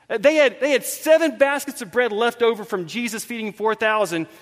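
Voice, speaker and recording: A man's voice: high voice, fairly bright tone, long reverb tail. A man preaching a sermon as pastor, telling the story with animation and acting out the dialogue. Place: church hall with congregation.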